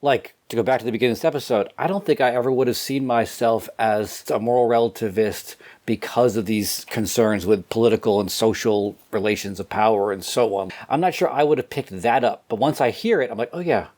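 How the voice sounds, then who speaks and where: A man's voice: lowish voice, a little fast, few pauses, a little mellow. A man co-hosting a philosophy podcast, reflecting aloud in a self-deprecating, good-humored way. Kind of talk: casual philosophical discussion.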